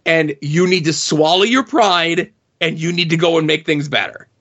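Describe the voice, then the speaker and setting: A middle-aged man co-hosting a podcast, talking through a comic thoughtfully and pausing to search for words. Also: a little high, fairly bright tone, lo-fi sound. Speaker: podcast co-host. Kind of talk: casual comic book discussion.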